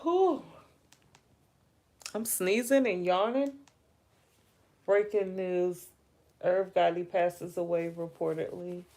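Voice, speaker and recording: A woman's voice: lowish voice, steady tone, takes it slowly, long pauses, mellow. A woman hosting a casual livestream, chatting about celebrity news, musing aloud and addressing her viewers directly. She keeps yawning and sounds tired. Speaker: livestream host. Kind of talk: casual live gossip commentary.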